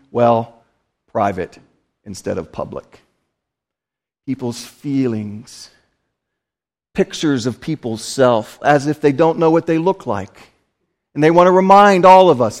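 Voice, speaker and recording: A male pastor preaching a sermon, telling a story with animated, acted-out scenes. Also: high-pitched.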